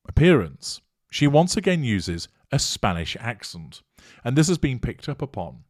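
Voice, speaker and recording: Male commentator: low, animated delivery, dry close recording, measured and emphatic. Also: no echo. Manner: measured, emphatic, formal wording. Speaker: commentator on narcissism. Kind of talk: monologue commentary reading from an article.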